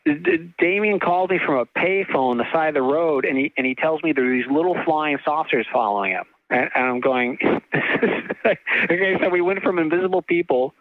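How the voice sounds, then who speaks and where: A middle-aged man from California, an author telling a long story in an interview, halting with many restarts and fillers, laughing now and then. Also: on the high side, expressive, no echo. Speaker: author and guest. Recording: tinny phone-like line.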